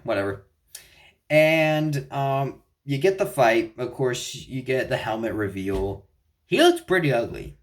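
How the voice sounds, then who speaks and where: A young man talking through a TV finale in a loose, unscripted way. He rambles, trips over his words and keeps correcting himself mid-sentence. His voice sits at an ordinary pitch for a man. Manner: rambling, frequent restarts and self-corrections. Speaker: video reviewer. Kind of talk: casual TV show recap and opinion.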